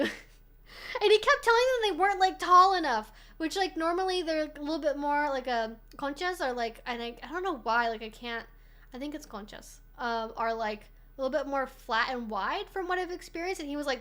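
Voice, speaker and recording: With a high, somewhat bright voice and lively intonation, this streamer host talks at a moderate pace through her casual livestream. She rambles freely, peppers her speech with "like" and swears a lot.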